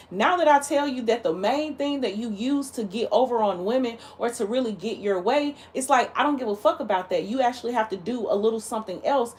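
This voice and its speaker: A woman hosting a livestream, talking casually in a blunt, heated and emphatic way. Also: on the high side. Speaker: livestream host.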